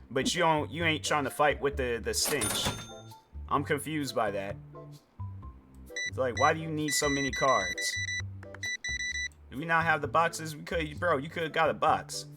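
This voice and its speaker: A male streamer rambling through casual, joking commentary while he plays a game. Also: a little high. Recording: game music playing behind.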